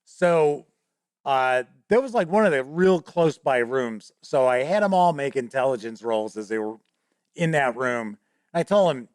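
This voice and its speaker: A man's voice: mid-range voice, expressive, unhurried, a little mellow, no echo. Rambling laughing male host, dry sound. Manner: rambling, laughing often, casual swearing. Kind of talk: casual storytelling about a tabletop game.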